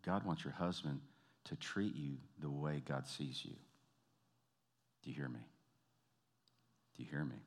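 A man with a deep, low voice delivers a storytelling sermon. He recounts a counseling session, playing out each person's lines with lively shifts, then softens into close, earnest appeals to the congregation. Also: a little slow, pauses often. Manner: animated storyteller, acts out quoted voices, drops to soft intimate appeals. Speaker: pastor and counselor.

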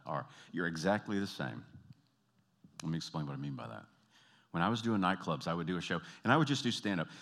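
A man's voice: lowish voice, a bit bright. A middle-aged man doing stand-up comedy, telling stories and breaking into character voices, often laughing at his own jokes. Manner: storytelling, self-amused, mimics voices.

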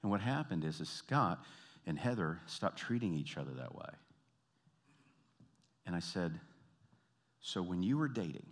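A man with a deep, low voice delivers a storytelling sermon. He recounts a counseling session, playing out each person's lines with lively shifts, then softens into close, earnest appeals to the congregation. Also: a little slow, long pauses. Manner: animated storyteller, acts out quoted voices, drops to soft intimate appeals. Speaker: pastor and counselor.

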